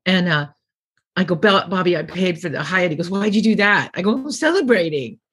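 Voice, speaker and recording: A fairly low, slightly rough voice, animated and a little fast, belongs to a middle-aged comedian being interviewed. She tells rambling anecdotes casually, performing the voices of the people she quotes.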